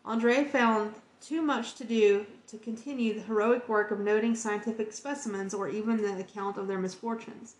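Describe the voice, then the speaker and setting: A woman's voice: mid-range voice, steady tone, moderate pace, hardly any pauses. Earnest woman reading aloud, echoey room. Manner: earnest, emotionally moved reading. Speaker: podcast host reading an encyclopedia.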